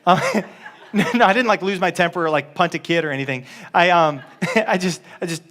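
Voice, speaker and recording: A man's voice: high-pitched, moderate pace, fairly bright tone. A man preaching a casual, joking sermon as a pastor, with many restarts.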